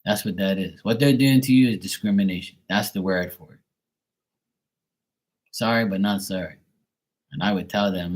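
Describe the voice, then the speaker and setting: A man reading tarot on a live stream, chatting bluntly to a viewer, swearing freely and getting animated when worked up. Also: low voice, moderate pace, long pauses, rough recording. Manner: blunt, swears often, talks straight to a viewer. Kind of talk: casual live-stream chat.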